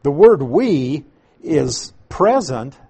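Slow, husky-voiced male Bible teacher. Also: on the high side, big pitch swings, mellow. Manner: slow, deliberate, stresses key words.

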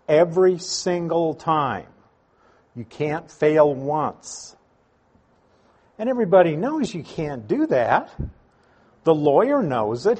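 Male preacher, slightly high and husky, slow and lively, leaning hard on key words. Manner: slow, deliberate teaching with emphatic stresses. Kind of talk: sermon.

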